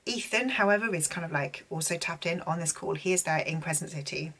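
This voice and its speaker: Young female book vlogger, low-pitched and a little husky, chatty and gushing in a casual recap. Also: brisk, a bit bright. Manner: chatty and gushing, heavy on filler words.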